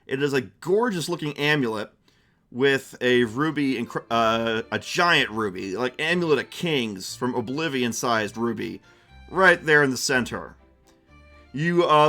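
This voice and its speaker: Male streamer GM, loose chatty delivery, slightly high pitch, quiet music bed. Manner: casual, chatty narration with many fillers and restarts. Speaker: game master and streamer. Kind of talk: narrating a tabletop game on stream.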